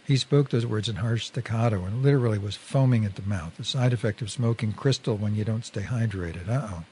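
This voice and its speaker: A man reading a first-person story aloud in a measured, wry storytelling manner. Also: lowish voice, darkish tone, a little hiss or hum. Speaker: reader.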